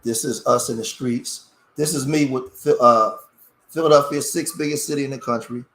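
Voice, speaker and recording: A man's voice: medium pitch, steady tone, moderate pace, a bit bright. A man talking on a live stream, impassioned and rambling, often restarting his sentences. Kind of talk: emotional live-stream talk. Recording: roomy echo.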